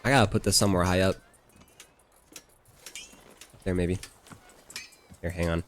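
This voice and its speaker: A man's voice: sits low, steady tone, unhurried, faint music behind. Joking, swearing man streaming a game. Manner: profane, joking, rambling asides. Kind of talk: casual game commentary.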